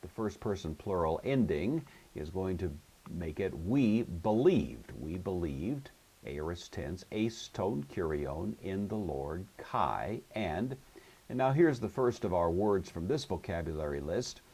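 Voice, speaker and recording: A man teaching a recorded Greek grammar lesson, explaining methodically and patiently and slowing down to pronounce each example word. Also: low-pitched, expressive, a little mellow, breathy edge.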